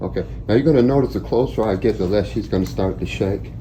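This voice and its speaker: A man working as a dog trainer, explaining each step of a training session to the camera in a steady, instructive way. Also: lowish voice, fast, slight background noise.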